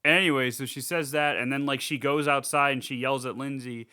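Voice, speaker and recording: A man co-hosting a podcast, rambling casually through a movie recap, laughing and throwing in quick character voices. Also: medium pitch, steady tone, bright, forceful tone, clean tone, dry recording, studio quality. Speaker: podcast co-host.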